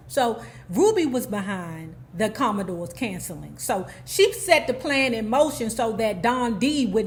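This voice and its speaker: A woman host giving a casual TV episode recap, animated and sassy, with lots of "okay?" asides, who acts out the characters' lines. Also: on the high side, moderate pace.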